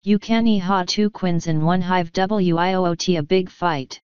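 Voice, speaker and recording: Woman as old voiced clan mother, stern, slow, dull lo-fi sound. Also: lowish voice, fairly even intonation, darkish tone, clean tone, dry recording. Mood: commanding. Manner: slow, commanding, canny. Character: ancient tiny Scottish-voiced fairy clan mother, stern.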